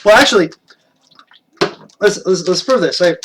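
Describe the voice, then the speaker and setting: A man's voice: high voice, animated, normal speed, pauses often, a bit bright, slight background noise. A middle-aged man hosting a live stream, rambling casually and chuckling while answering viewer comments. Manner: rambling, chuckles often, talks to chat.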